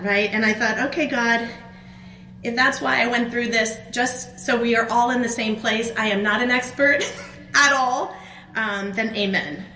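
A middle-aged woman telling a personal story as a conference speaker at a faith event, animated and acting out her own outbursts. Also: a little high, slight background noise. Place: conference hall. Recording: echoey room with faint ambience.

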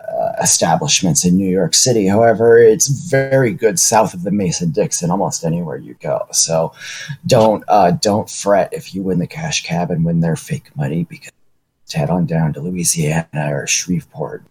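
A man co-hosting a casual podcast chat, making dry jokey asides in a halting way. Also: deep voice, lively intonation, vocal fry, a little mellow, husky. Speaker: podcast co-host.

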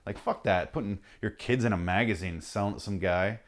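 A man's voice: on the low side, fast talker. A man hosting a podcast, delivering an angry, sarcastic, profanity-filled comic rant and now and then mocking people in put-on voices. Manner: angry, sarcastic, heavy swearing. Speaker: podcast host reading his rants.

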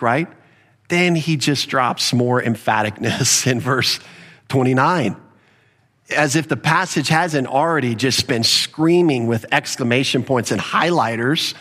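A man's voice: medium pitch, normal speed, fairly bright tone. A man preaching an emphatic expository sermon, retelling a conversation and explaining Greek words from the text. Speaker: pastor.

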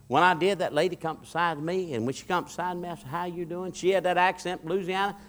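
Man, fervent folksy preacher, bright forceful higher voice, long hall echo. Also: steady tone, quick pace. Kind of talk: sermon with a story.

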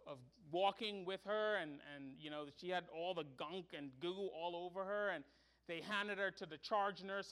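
High-voiced man preaching with fervor. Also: a bit bright, smooth. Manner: earnest preaching, rising to emphatic pleading. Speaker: pastor. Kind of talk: sermon.

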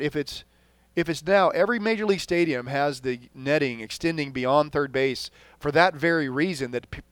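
A man from Texas co-hosting a casual sports podcast, rambling through points and trailing off quietly at the ends of sentences. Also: a little high, no echo. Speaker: podcast co-host.

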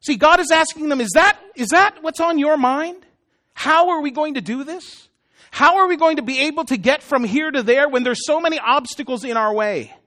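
Very high-voiced male preacher. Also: normal speed, bright, forceful tone. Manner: conversational, self-deprecating, joking asides to the congregation. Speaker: pastor. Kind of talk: sermon.

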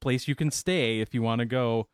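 A man's voice: medium pitch, moderate pace, smooth, dry recording, studio quality. A man in casual podcast chat, rambling and jokey. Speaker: podcast co-host.

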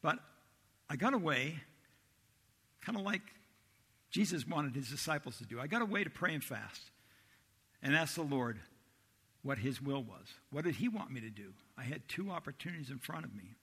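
A male pastor delivers a sermon with bright, pressing energy and a slightly husky edge. He tells the story with lively acted-out voices. His voice rings through the long reverb of a large hall. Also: fairly high pitch, moderate pace, pauses often. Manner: animated storytelling, acts out disciples' voices.

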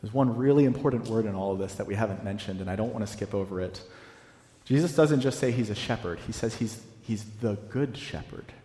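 A pastor in his thirties preaches in a relaxed, conversational way, slowing down to repeat his key lines. His voice rings through a large, echoey hall with a long reverb tail. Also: on the low side. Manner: conversational, repeats key phrases slowly for emphasis. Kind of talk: sermon.

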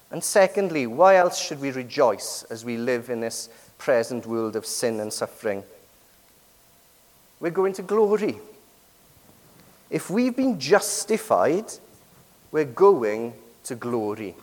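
A man preaching a sermon with lively emphasis, many rhetorical and tag questions to the congregation. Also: medium pitch, a little slow. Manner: lively, rising and falling emphasis. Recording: long hall reverb.

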